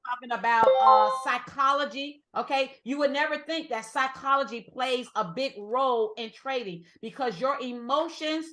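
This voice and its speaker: A woman runs a lively trading class, her voice sitting a little high. She hammers each point home, repeating lines and calling out to the room. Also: moderate pace, hardly any pauses, slight background noise. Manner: emphatic, repeats points, addresses the group as y'all. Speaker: trading instructor. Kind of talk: energetic classroom teaching.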